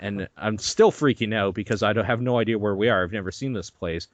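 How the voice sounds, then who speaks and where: A young man hosting a podcast, telling a story in an animated, swearing, laughing way. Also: lowish voice, brisk, no room sound, muffled recording. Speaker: podcast host. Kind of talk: casual chat.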